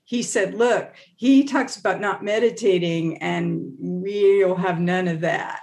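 A woman guest on a podcast interview, telling a story in a casual, animated way, acting out quotes with laughs and fillers. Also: fairly low pitch, slow, vocal fry. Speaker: interview guest, meditation teacher.

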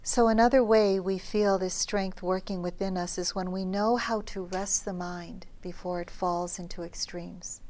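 A middle-aged woman meditation teacher giving a dharma talk at a retreat, telling stories gently and often dropping to a soft near-whisper. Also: fairly low pitch.

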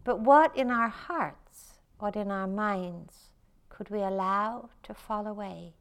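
A woman meditation teacher giving a dharma talk, slow and reflective, often softening to near a whisper. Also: medium pitch, clear, resonant tone.

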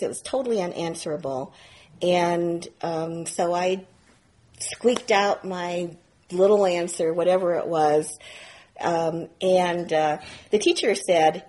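A woman meditation teacher telling a story in a dharma talk, animated and self-mocking, often laughing as she talks. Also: on the low side, breathy edge, rough recording. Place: retreat center meditation hall.

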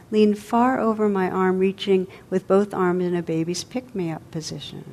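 Low-voiced woman reading a story aloud. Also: darkish tone. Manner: vivid, measured storytelling.

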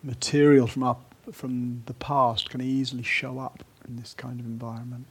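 Man, meditation teacher, husky breathy voice, gentle retreat dharma talk, slips into whispers. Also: mid-range voice, little pitch movement. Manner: gentle and unhurried, dropping to a soft whisper at times.

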